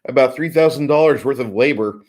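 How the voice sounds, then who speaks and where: A man's voice: mid-range voice, a little fast, a little mellow. A man hosting a casual panel chat about tabletop games, joking and rambling with frequent restarts.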